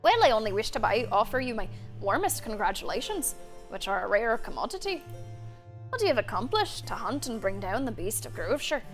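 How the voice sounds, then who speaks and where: A proud lone hunter with a put-on Irish lilt, a man who likes to talk about himself, as a woman puts him on for a game. The voice sits a little high for a man and comes across smooth and self-assured. Faint music plays behind it. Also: big pitch swings, a little fast. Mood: boastful. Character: proud lone male hunter, boastful wanderer. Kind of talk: reading game dialogue aloud.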